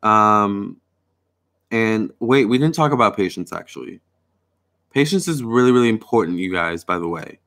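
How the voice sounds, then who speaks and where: Host: young man, low-ish voice, casual live-stream chat, reads out viewer comments, lots of "you guys" and "all right.". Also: expressive, normal speed, fairly bright tone. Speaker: tarot reader and astrologer host.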